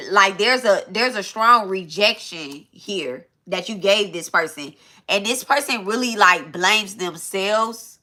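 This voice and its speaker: A woman's voice: mid-range voice, pushed and bright. A woman giving a loose, casual spiritual reading to her viewers, swearing freely and restarting her sentences as she thinks aloud. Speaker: tarot reader.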